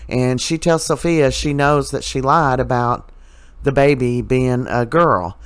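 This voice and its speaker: A man's voice: medium pitch, steady tone, moderate pace, a bit bright, clear, resonant tone, no echo. A man with a mid-range voice recaps the day's soap opera episode in a casual, chatty way. He fills his speech with "you know" and "uh" and drops in his opinions as he goes. The tone is conversational, like a regular catching his viewers up.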